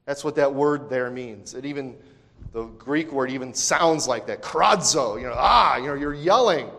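A male pastor preaching a sermon, talking in a conversational way with asides and restarts, then swinging from quiet to loud emphasis. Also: medium pitch, moderate pace. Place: church sanctuary. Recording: long church hall reverb.

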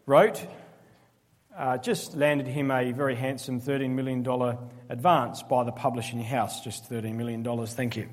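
A man preaching a sermon, emphatic and measured, with dry sarcastic asides. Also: fairly high pitch, a little mellow, long reverb tail.

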